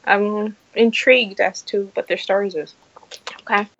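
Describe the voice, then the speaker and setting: A woman's voice: mid-range voice, steady tone, a little slow, a bit bright, no echo, lo-fi sound. A woman from New York co-hosting a podcast, playful and giggly, often jumping in during casual chat. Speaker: podcast co-host.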